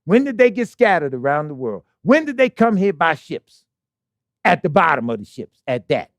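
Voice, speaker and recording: Emphatic high-voiced male preacher, dry sound. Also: sing-song, moderate pace, dry recording. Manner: emphatic, conversational preaching with rhetorical questions. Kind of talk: fiery sermon. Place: assembly hall in Baltimore.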